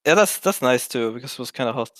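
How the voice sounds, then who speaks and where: A man's voice: mid-range voice, lively intonation, quick pace, a bit bright, dry recording, studio quality. A man with a Norwegian accent, a pro gamer in a casual post-match interview over an online call, laughing and playfully defensive.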